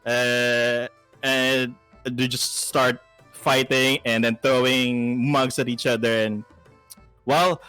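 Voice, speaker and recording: A man narrating as game master, relaxed and chatty, with frequent filler sounds. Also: mid-range voice, slow, clean tone, dry recording, faint music behind.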